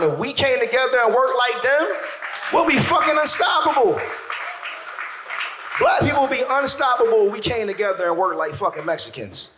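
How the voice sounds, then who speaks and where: A male stand-up comedian telling a profane story, animated and shouting his punchlines on stage. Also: very high-pitched, roomy sound, a little hiss or hum.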